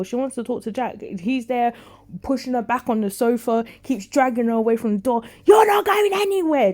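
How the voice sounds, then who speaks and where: Here a woman reviews a soap episode in a casual, lively way, performing the characters' dialogue and reacting dramatically. Her pitch runs on the high side.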